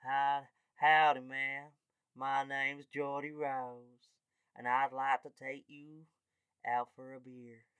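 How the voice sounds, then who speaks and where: Guy putting on a drawly cowboy tech founder, slow and courtly, super dry close sound. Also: mid-range voice, level tone, fairly bright tone, clean tone, dry recording, highs cut off. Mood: folksy.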